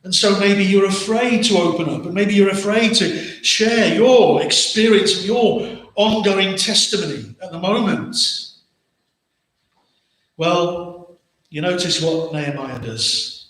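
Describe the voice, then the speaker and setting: A man's voice: high voice, measured pace, a bit bright. A man with an English accent preaching a sermon as pastor, earnest, with many rhetorical questions and repeated words. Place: church hall. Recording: very echoey church hall.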